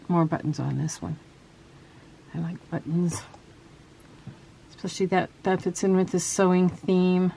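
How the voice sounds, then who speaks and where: Woman, lower voice, relaxed craft-video host, soft asides, light background hiss. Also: unhurried, vocal fry, long pauses. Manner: soft-spoken, chatty, trails off while working. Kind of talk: casual crafting tutorial.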